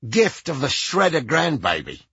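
A man's voice: on the high side, wildly swooping pitch, unhurried, pushed and bright, no echo, lo-fi sound, heavily acted. Man putting on a crude cranky old rocker. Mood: gruff. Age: older. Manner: profane, blunt, gruff.

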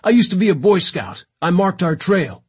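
A husky-voiced man playing a calm, dry male first mate, slightly raised above the narration and a touch louder, clipped and deadpan, in a sci-fi audiobook. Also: high-pitched, moderate pace, voice pushed up, exaggerated voice. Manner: dry, terse.

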